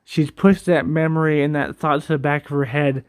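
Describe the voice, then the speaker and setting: A man's voice: on the high side, little pitch movement, normal speed, smooth, dry recording, studio quality. A man casually rambling about a game story, cursing and laughing often as he goes. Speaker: gaming video creator.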